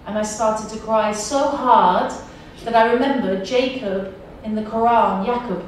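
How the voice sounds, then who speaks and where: A woman in her forties with an English accent tells a personal testimony to a university audience, pressing her points through repetition. Her voice sits slightly high. It reaches the listener from a distance, washed in heavy room echo with a faint hum of ambience. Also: measured pace. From England. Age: 40s. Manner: storytelling, emphatic repetition. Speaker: guest speaker. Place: university lecture hall. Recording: echoey hall from far off.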